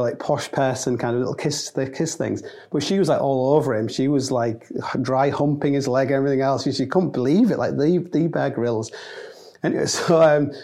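A man's voice: mid-range voice, warm tone. A man telling a rambling, sweary, self-mocking anecdote in a casual chat. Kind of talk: casual storytelling.

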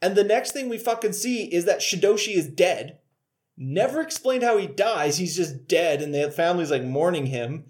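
A man's voice: sits high, animated, normal speed. A man co-hosting a casual comedic movie review chat, laughing often and joking in mock courtroom banter. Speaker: podcast co-host.

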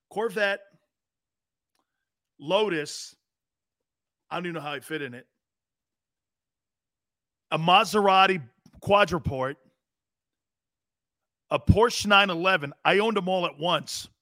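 A man's voice: sits high, pushed and bright, dry recording, studio quality. A man in his fifties hosting a sports talk show, telling profane, laughing anecdotes in casual chat.

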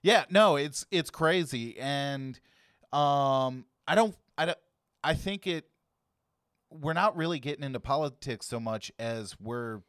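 Male podcast host, smooth, resonant voice, easygoing, dry close sound. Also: mid-range voice, a bit bright, dry recording. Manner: easygoing, agreeable, quick to laugh. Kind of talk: casual chat.

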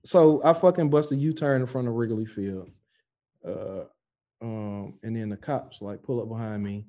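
A man telling a story in casual chat, animated and profane, acting out the voices of the people in it. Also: on the low side, moderate pace. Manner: animated, profane, acts out voices in his stories.

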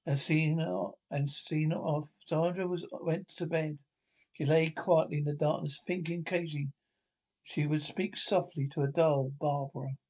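A man reading aloud the stage directions of an old radio script, haltingly and with restarts. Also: fairly high pitch, a little mellow. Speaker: reader.

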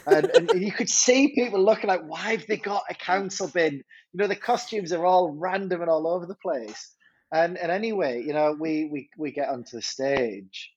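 A head teacher, telling a story in a podcast interview, animated and stumbling over repeated words. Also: male voice, on the high side, normal speed, husky, muffled recording.

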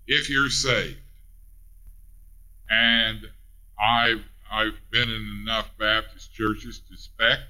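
Slow, bright-voiced older preacher. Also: male voice, lowish voice, low-quality recording. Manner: folksy, self-deprecating, with repeated restarts. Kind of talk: sermon.

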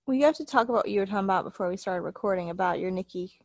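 A woman's voice: mid-range voice, racing, dry recording. Matter-of-fact woman co-host, dry sound. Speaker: podcast co-host. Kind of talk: casual chat.

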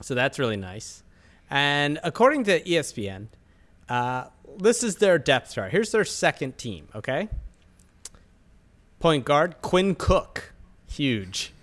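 A man's voice: a little high, big pitch swings, slow, long pauses, a bit bright. A man co-hosting a podcast, mocking a team's roster in a dry, wry way. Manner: dry, mocking, reads off stats. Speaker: podcast co-host. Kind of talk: casual sports banter.

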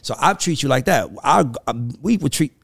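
A man's voice: lively intonation, a little fast, gravelly, fairly bright tone, dry recording, clean studio sound. A man with a Southern accent from the American South, co-hosting a podcast in casual, emphatic chat. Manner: emphatic, storytelling, swings between low and high. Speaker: podcast co-host.

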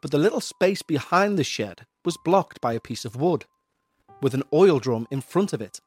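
A man hosting a podcast, reading out a listener's eerie story in a measured, somber way. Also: medium pitch, a little mellow, no room sound. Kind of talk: narrated paranormal story.

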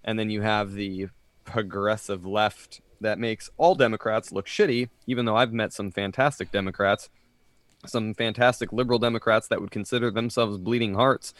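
A man co-hosting a casual podcast chat, animated and profane, slipping into mocking voices. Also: lowish voice, moderate pace, dry recording. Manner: animated, swearing, mocking impressions. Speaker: podcast co-host.

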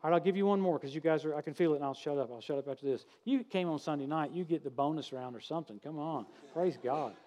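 A man delivers a sermon to a church congregation. His voice sits high for a man, and he tells stories with folksy humor and lively, animated energy. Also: fast, hardly any pauses. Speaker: preacher. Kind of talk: sermon with storytelling.

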